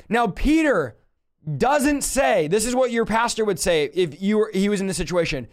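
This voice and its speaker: A man preaching a fervent Bible teaching, impassioned, with rhetorical questions and bursts of shouting. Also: extremely high pitch, lively intonation, normal speed.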